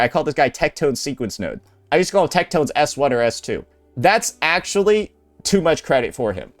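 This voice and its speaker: A man's voice: on the high side, fairly bright tone. A man giving casual ranting commentary, blunt and sarcastic, often repeating himself and swearing. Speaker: commentary YouTuber.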